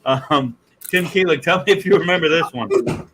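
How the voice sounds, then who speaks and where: A loud, joking man hosts a casual podcast and tells stories in a bright, forceful voice. He sits a little high in pitch for a man. A faint hiss runs under him. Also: normal speed, rough recording. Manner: loud, joking storyteller who teases guests. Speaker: podcast host.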